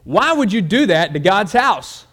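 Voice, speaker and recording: A man voicing a stern old male pastor who presses a boy with slow, pointed questions. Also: medium pitch, very animated. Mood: stern questioning.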